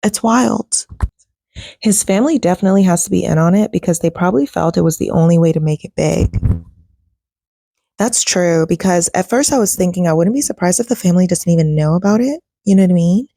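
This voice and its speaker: A woman's voice: on the low side, brisk, gravelly, mellow, dry recording, studio quality. A woman hosting a casual reaction commentary, talking to her viewers in a chatty way. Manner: chatty, addresses viewers as y'all. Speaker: host.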